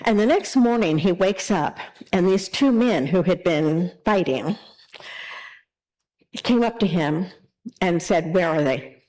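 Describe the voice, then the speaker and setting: A woman minister giving a sermon in a conversational, animated storytelling way. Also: on the low side, slow, pauses often, low-quality recording.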